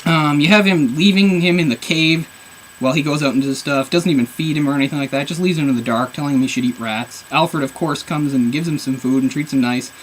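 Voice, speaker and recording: A man's voice: on the high side, a little fast, a little hiss or hum, poor audio. A man reviewing a comic book on camera, rambling in an exasperated, sarcastic way. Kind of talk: casual video review.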